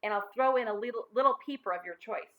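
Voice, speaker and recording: A woman's voice: fairly high pitch, fast talker, a bit bright, lightly acted, rough recording. A woman voicing a dramatic young boy in a storybook who pleads to keep his toys. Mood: scheming. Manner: pleading, melodramatic whine.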